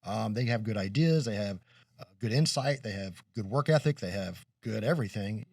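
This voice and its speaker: Middle-aged co-host, earnest and rambling, low voice, dry room, distant mic. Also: male voice, animated, normal speed, gravelly, darkish tone, dry recording. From Kentucky. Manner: rambling, earnest, many restarts. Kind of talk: casual chat.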